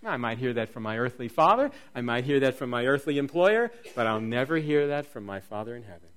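A middle-aged man preaching a sermon, swinging from near-shouts down to a soft, low voice. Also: lively intonation, brisk. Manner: dynamic preaching, rising to near-shouts then dropping soft. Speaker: pastor.

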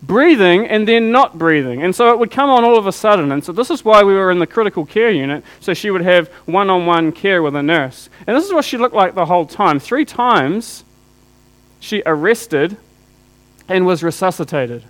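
A man with a high voice preaches with raw feeling, pulling his listeners in with question after question. Under his words a low electrical hum runs steadily. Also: lively intonation, a little fast, a bit bright, low-quality recording. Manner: emotional storytelling with rhetorical questions to listeners. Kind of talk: sermon.

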